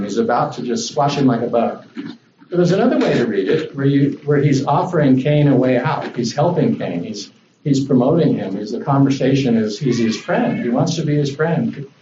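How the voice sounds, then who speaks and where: A man preaching a sermon to a congregation as a visiting speaker, in a relaxed, conversational way that rises when he voices the lines he quotes. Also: medium pitch, echoey room, recorded from a distance, dull audio, a little hiss or hum. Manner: conversational, animated when voicing God. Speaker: guest preacher.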